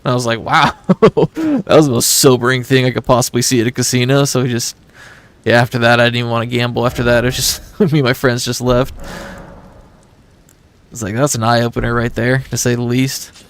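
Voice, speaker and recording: A man's voice: medium pitch, level tone, quick pace, clear, resonant tone. A man telling a long rambling story to his viewers as he plays a game live. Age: adult with a son. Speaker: gaming streamer. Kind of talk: casual chat while playing a game.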